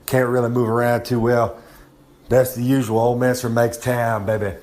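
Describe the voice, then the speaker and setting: A man's voice: mid-range voice, monotone, moderate pace, darkish tone. A man cutting a brash, boastful wrestling promo about himself in the third person, recorded on a phone held close to his face at home, sore and hungover. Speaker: wrestler with a regular podcast segment.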